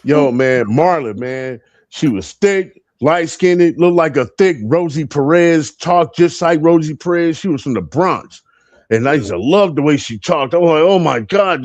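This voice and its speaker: A man's voice: fairly high pitch, a little mellow, no echo. A man in his fifties telling profane, laughing stories as a co-host on a live panel. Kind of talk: casual storytelling on a live panel.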